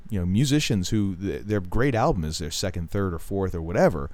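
A middle-aged man with a fairly low voice talks casually as a podcast co-host. He rambles from one story to the next, cracks jokes and laughs along the way. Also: lively intonation, fairly quick, darkish tone. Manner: rambling, jokey, laughs while telling stories. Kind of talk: casual chat.

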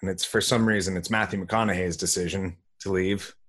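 A man's voice: low voice, steady tone, brisk, a bit bright, slightly rough. A man co-hosting a podcast, recapping a bad movie in loose, profane casual chat with many ums. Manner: laid-back, profane, trails off with ums and laughs. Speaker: podcast co-host.

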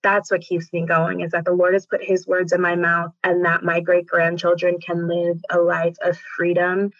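A woman's voice: lowish voice, monotone, normal speed, fairly bright tone, no echo. A woman talking as a podcast guest in an earnest, encouraging way, sharing her faith as a single mother. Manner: earnest, encouraging, with bursts of laughter. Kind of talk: faith-based conversation. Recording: dull, dry podcast audio.

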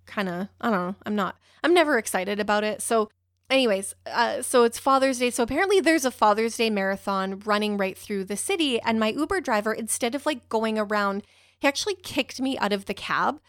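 A woman's voice: a little high, animated, fairly quick, no echo, clean studio sound. A young woman telling a personal story in a rambling, emotional way, with a few swear words.

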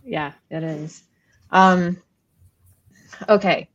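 Podcast host lady, lowish voice, lots of mm-hmms and quick replies. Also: fairly even intonation. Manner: brief encouraging backchannels. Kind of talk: casual interview.

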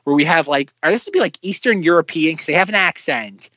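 A man co-hosting a podcast, chatting casually about a sketch show, animated and full of fillers. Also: fairly high pitch, fast talker, dry recording, dull audio. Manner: animated, acts out quotes, many fillers. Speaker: podcast co-host. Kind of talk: casual chat reviewing a sketch comedy show.

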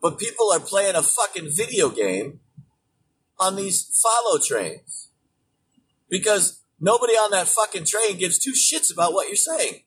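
Ranting, foul-mouthed man, high-pitched. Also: very animated, a little slow. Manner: angry, swearing constantly, emphatic, bursts into shouting. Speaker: show host. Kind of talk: profane political rant. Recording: distant mic with faint background noise.

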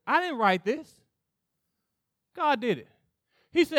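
Man, pastor, preaching, forceful tone, direct call-outs. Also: very high voice, big pitch swings, takes it slowly, long pauses, no room sound, studio quality. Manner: preaching with call-outs, acting out God's voice, laughing. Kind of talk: sermon.

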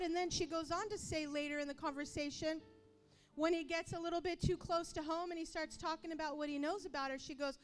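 A woman preaching a sermon with passion, acting out quoted voices and rising to yelling at times. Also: very high-pitched, steady tone, brisk, soft background music.

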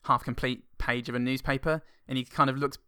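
A man's voice: medium pitch, fairly even intonation, fairly quick, sharp tone, smooth, no echo, clean studio sound. A man co-hosting a film podcast, wry and jokey in casual chat. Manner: wry, jokey, puts on silly accents. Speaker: podcast co-host.

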